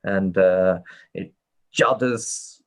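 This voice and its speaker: Casting: male game master, lowish voice, halting narration with lots of "uh". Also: vocal fry. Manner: hesitant, many fillers.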